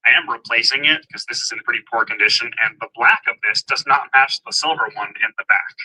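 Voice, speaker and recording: A man's voice: medium pitch, lively intonation, fast talker, hardly any pauses, pushed and bright, husky, poor audio. A man walking viewers through a do-it-yourself car job in casual, step-by-step how-to narration. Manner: step-by-step explaining, plain and upbeat. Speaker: DIY car vlogger.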